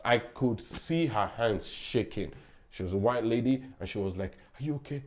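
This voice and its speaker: A lower-pitched man recounts his experiences as a guest on a chat show. He talks animatedly, laughs a lot and trips over his words now and then. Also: normal speed, noisy background. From Nigeria. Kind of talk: casual storytelling.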